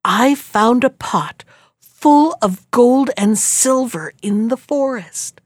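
A woman's voice: sits high, very animated, slow pace, dry recording, clean studio sound, pitched above the performer's own voice, heavily acted. A woman voicing a crafty old peasant man who feigns wonder to fool his wife. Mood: sly. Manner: sly, coaxing, feigns wonder.

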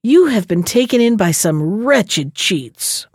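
A crafty knave from a fairy tale, as a woman reading aloud puts him on, his words full of false pity. The voice is dry and close, with lively rises and falls. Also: medium pitch, slow, no echo. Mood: falsely pitying.

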